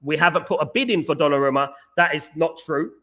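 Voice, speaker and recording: A man hosts a casual livestream, answering his viewers in a loose, repetitive way full of fillers and false starts. His voice sits a bit high for a man and sounds bright and forceful, with a combative edge when he pushes back. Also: fast. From London. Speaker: host of a football fan livestream. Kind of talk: casual livestream chat reading viewer comments.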